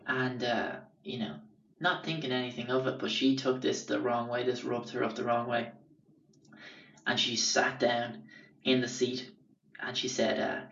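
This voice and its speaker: A young Irish man rambles through his stories casually, swearing freely and filling gaps with "um" and "like." His voice sits at a middle pitch and echoes in a roomy space. The sound is dull and a little distant from the mic. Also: flat delivery, a little slow, fairly bright tone. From Ireland. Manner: rambling, sweary, lots of fillers. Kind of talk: casual storytelling.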